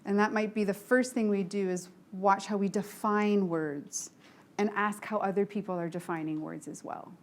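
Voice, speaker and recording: A woman's voice: medium pitch, moderate pace. A middle-aged woman giving a motivational leadership talk to a live group, telling stories frankly and acting out the dialogue. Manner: lively, frank storytelling with acted-out dialogue. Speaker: leadership speaker.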